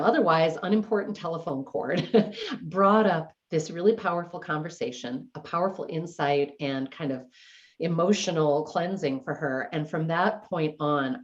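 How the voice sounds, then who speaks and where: A woman's voice: low-pitched, a little mellow. A middle-aged woman teaching a decluttering workshop, telling stories in a chatty, conversational way full of "like" and "you know". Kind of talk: storytelling in a live class talk. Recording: dull lo-fi recording.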